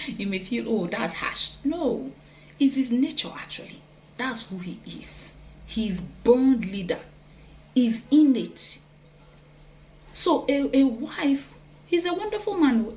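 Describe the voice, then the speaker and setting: Gentle, earnest woman giving marriage advice. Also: mid-range voice, a little hiss or hum, rough recording. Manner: gentle, earnest, with soft laughs and quoted asides. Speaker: relationship teacher. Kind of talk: advice talk to wives.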